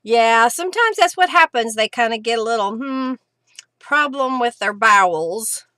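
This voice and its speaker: A middle-aged woman chats casually during a craft live stream, answering viewer comments as she works. Her voice sits on the high side and is expressive, pushed and bright, at a normal speed with no echo.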